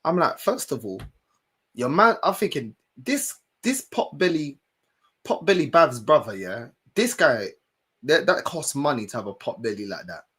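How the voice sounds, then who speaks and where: A young man, a streamer telling a story in an animated, slangy way and swearing now and then. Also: medium pitch, moderate pace, husky. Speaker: streamer and fan channel host. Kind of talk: casual storytelling chat.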